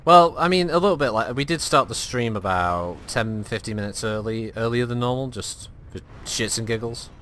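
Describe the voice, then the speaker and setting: A man's voice: mid-range voice, normal speed, hardly any pauses, a bit bright, slight background noise. A man chatting and joking while streaming a game, with a lot of swearing. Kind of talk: live gameplay chat.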